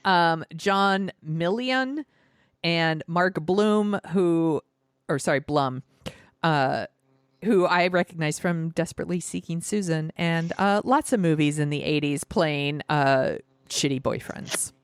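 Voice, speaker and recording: A woman hosting a casual podcast, her voice sitting on the low side. She jokes, laughs easily and swears offhandedly. The sound is dry and close to the mic. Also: takes it slowly, smooth, no room sound. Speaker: podcast host. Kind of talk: casual chat.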